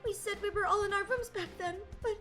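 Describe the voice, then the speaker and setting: A woman reading game dialogue aloud as a timid, anxious young girl who speaks haltingly and apologizes. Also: extremely high pitch, fairly bright tone, faint music behind, pitched above the performer's own voice. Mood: nervous.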